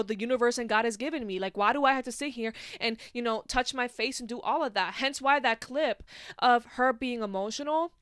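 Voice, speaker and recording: Bright, clear-voiced young woman ranting. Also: fairly high pitch, dry recording, studio quality. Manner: passionate, profane, heavy use of filler "like". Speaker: podcast host. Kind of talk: casual solo podcast monologue.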